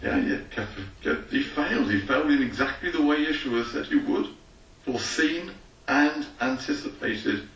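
A man with a mid-range voice preaches at a moderate pace, well away from the mic, and the room adds echo. As a rabbi, he reads from scripture, then brings the sermon alive by acting out imagined dialogues in different voices.

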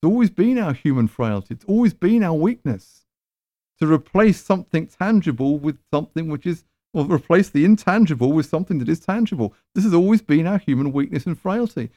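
A man's voice: a little high, animated, brisk, warm tone, dry recording, studio quality. A man preaching a sermon in a conversational, emphatic way, with rhetorical questions.

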